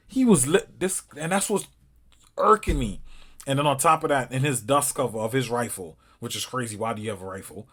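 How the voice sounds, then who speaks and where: Man, African American English accent, husky, heated rant with swearing and sudden loud outbursts. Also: mid-range voice, expressive, fairly quick. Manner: angry, swearing, emphatic, rising to outbursts. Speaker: commentator reacting to a video. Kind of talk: heated casual reaction commentary.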